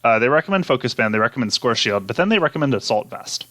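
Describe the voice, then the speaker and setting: A man's voice: medium pitch, sing-song, fast talker, sharp tone, dry recording. A man hosting a casual chat, going through poll results in an easygoing way with fillers and small laughs. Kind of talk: casual chat about game data.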